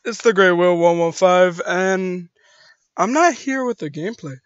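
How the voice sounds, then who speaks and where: A man hosting his own gaming channel in a high voice, talking slowly and mocking himself. The sound is dry and dull, from a cheap mic in a small room. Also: expressive, clear, resonant tone, no echo. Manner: chuckling, self-mocking. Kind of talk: casual vlog commentary.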